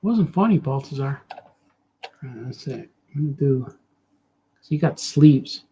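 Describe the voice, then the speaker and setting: A man's voice: mid-range voice, lively intonation, a little slow, warm tone, slight background noise. A man cartoonist chatting casually and thinking aloud as he draws, rambling and cracking jokes. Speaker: cartoonist drawing on a show. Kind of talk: casual commentary while drawing.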